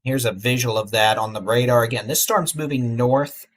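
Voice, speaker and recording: A middle-aged man, hosting live severe weather coverage in a relaxed, folksy way with urgent safety warnings. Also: mid-range voice, moderate pace. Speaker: weather livestream host.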